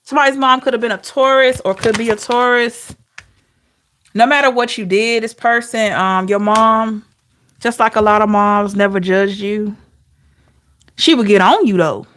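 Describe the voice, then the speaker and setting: A woman's voice: on the high side, fairly even intonation, normal speed, fairly bright tone, a little hiss or hum. A woman giving an intuitive tarot reading, emotional and talking straight to her viewers. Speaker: tarot reader.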